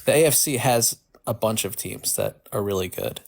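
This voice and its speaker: A man calling into a talk show who chats casually in a flat, monotone delivery. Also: lowish voice, normal speed, gravelly. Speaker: caller. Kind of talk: casual chat.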